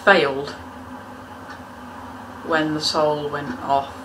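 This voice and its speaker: A woman with a slightly low voice talks through a casual cooking demo in her home kitchen. She keeps up a chatty stream of joking, self-mocking asides. Clattering pans and kitchen noise are clearly heard behind her. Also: little pitch movement, takes it slowly. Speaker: cooking video host. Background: cutlery, pots and kitchen ambience.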